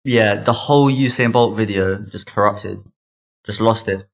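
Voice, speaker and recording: Young London man, slangy and low-voiced. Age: 20s. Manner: fast slangy chatter full of likes and mates. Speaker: guest. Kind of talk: casual storytelling.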